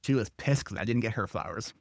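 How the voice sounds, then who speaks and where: Calm male podcast host, dry sound. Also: fairly low pitch, fast, vocal fry, no room sound. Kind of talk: conversational interview.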